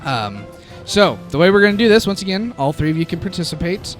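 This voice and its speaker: A man's voice: high-pitched, sing-song, a little fast. A man narrating and running a tabletop game in a casual, laughing manner. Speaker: game master. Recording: background music. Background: music.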